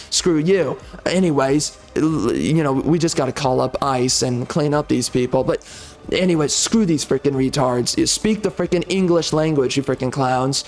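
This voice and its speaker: A man's voice: on the high side, darkish tone. A man ranting in a heated, repetitive way with casual slang while giving gameplay commentary.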